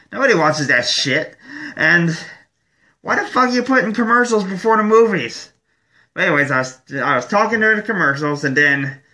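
A man's voice: a little high, pushed and bright. A man from Michigan hosting his own show, ranting angrily with heavy profanity. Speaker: show host. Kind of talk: ranting vlog monologue.

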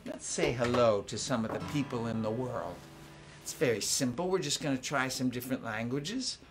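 A man's voice: medium pitch, normal speed, noisy background. An older man hosting a family concert, patiently teaching children simple greetings in call-and-response. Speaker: children's singer and concert host.

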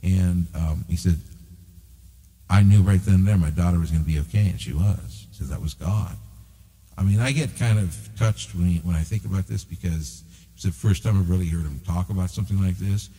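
Husky low-voiced man telling a story. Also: a little fast, big-room sound. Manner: animated, acts out quoted dialogue. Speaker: show host. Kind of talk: storytelling conversation.

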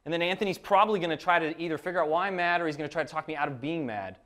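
A young man with a slightly high voice explains how he approaches his creative work. He rambles a little and fills gaps with um and uh. The delivery is casual and conversational. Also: racing, a bit bright. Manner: loose and rambling, frequent ums. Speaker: creative professional.

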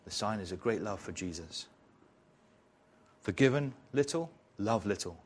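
A man's voice: lowish voice, lively intonation, moderate pace, breathy edge. A man preaching an expository sermon in church, retelling a story in a conversational way with rhetorical questions.

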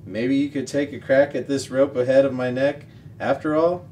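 A man reading aloud, voicing a kind, hopeful young female pig who speaks gently. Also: mid-range voice, fairly even intonation, moderate pace, slight background noise, pitched above the performer's own voice, close to an everyday voice. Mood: gentle.

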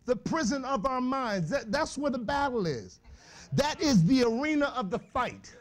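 Male preacher, high voice, animated church sermon. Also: moderate pace. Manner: animated, shouting bursts, laughing asides, slangy. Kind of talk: lively sermon to youth.

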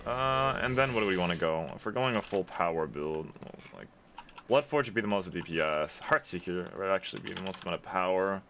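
A man talks through his video game in a chatty, excitable way, swearing freely at his opponent. His voice is fairly low but swings up and down a lot. Game sounds and keyboard clicks run clearly behind him. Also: brisk, slight background noise. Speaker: game streamer. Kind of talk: casual gameplay commentary.

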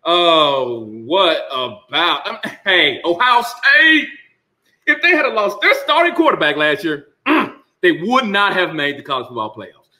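A man's voice: fairly high pitch, big pitch swings, slow, pushed and bright. A man hosting a casual sports talk rant, emphatic and sarcastic with laughing asides. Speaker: sports commentary host.

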